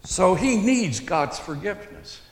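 A man preaching an expository sermon, teaching slowly and deliberately and stressing key words. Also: high voice, very animated, vocal fry. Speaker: pastor. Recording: echoey hall with long reverb.

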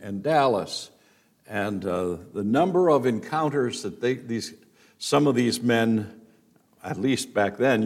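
A male pastor preaching an expository sermon, explaining scripture verse by verse with deliberate emphasis. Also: fairly low pitch. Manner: deliberate, emphatic teaching delivery.

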